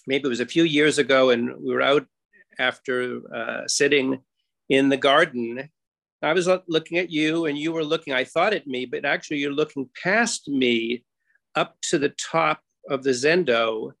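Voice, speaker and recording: An older man giving a reflective personal tribute to a friend, storytelling and gently mocking himself. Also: on the high side, gravelly. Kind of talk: warm personal tribute in group.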